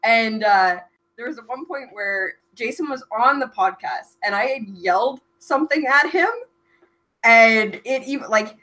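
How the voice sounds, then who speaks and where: A woman's voice: a little high, unhurried, sharp tone. A Canadian woman co-hosting a podcast, telling stories in an easygoing, casual way. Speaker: podcast co-host. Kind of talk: casual chat.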